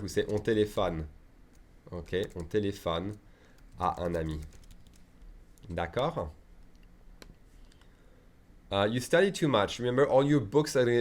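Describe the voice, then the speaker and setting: A man teaching a beginners' language lesson in a relaxed, joking way, with many fillers and restarts. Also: medium pitch. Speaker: French teacher. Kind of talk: casual spoken lesson.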